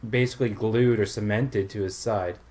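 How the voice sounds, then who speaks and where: A man's voice: lowish voice, steady tone, moderate pace, darkish tone. A man with a Canadian accent, talking casually while playing a video game as co-host, chatty, laughing often and gushing about films. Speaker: player and co-host. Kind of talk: casual let's-play commentary.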